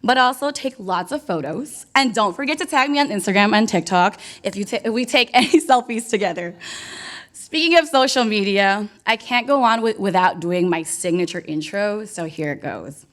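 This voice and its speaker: A bubbly young woman MCs live at an event venue, doing ceremony hosting and crowd work with a playful, hyped energy aimed straight at the audience. Her medium-pitched voice has lively intonation, a bit of brightness, and a normal speed.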